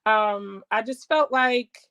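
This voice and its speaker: A woman shares her faith testimony as a guest, telling it in an animated, storytelling way. Her voice sits fairly high, and she acts out the people she quotes. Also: slow, clean tone. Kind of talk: testimony in casual talk.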